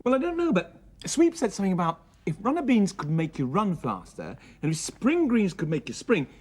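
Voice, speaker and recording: A man's voice: sits high, huge pitch swings, a little fast, slightly rough. Giggly man presenting a kids' show. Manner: giggly, playful, mock-exasperated. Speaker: children's TV presenter. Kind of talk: playful banter with puppets.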